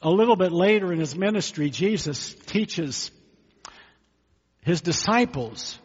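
A man's voice: high voice, lively intonation, a little slow, breathy edge. A pastor giving a sermon in a conversational way, asking his listeners rhetorical questions. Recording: echoey hall, dull lo-fi sound.

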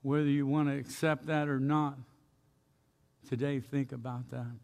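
A man's voice: mid-range voice, little pitch movement, measured pace, vocal fry, a little mellow, long reverb tail. A man preaching a sermon in a folksy storytelling way, asking his congregation questions, in a church sanctuary. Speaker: pastor.

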